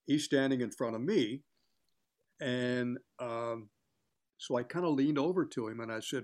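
A man's voice: medium pitch, a little slow, a little mellow. An older man, a longtime sports broadcaster, telling chatty anecdotes in an interview and acting out what others said. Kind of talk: casual storytelling in an interview.

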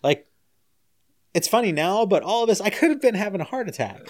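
A man casually telling a story as a guest. He jumps higher and louder when he quotes people, laughs as he goes, and turns soft and low as he winds down. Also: very animated, brisk.

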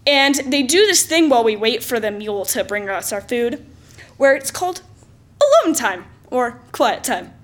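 Woman w a high voice telling her own story, lively, jokes about herself a lot. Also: normal speed. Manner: lively, self-mocking, exaggerated. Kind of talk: personal story told aloud.

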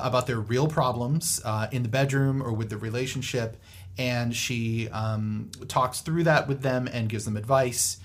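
A man co-hosting a podcast panel chat, his voice sitting at an ordinary middle pitch. He wanders through his points with plenty of "uh"s and restarts, relaxed and conversational. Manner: rambling, many fillers and restarts. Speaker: podcast co-host.

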